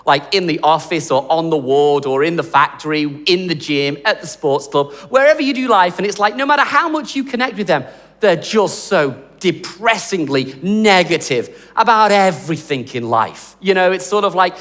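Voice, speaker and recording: High-voiced pastor in echoing hall. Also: male voice, normal speed. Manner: animated, conversational, jokey preaching. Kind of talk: sermon.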